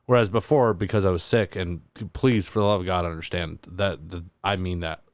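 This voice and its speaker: Man, podcast host, very low voice, hesitant rambling delivery, dry close sound. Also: fairly even intonation, fairly quick, no room sound. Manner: rambling, hesitant, many fillers. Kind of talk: casual chat.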